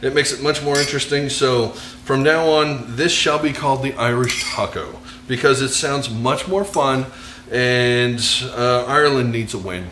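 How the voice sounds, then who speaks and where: A man's voice: medium pitch, moderate pace, a bit bright, reverberant, a little hiss or hum. An American man hosting a cooking show, talking casually through a recipe with rambling, self-mocking jokes. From United States. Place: kitchen.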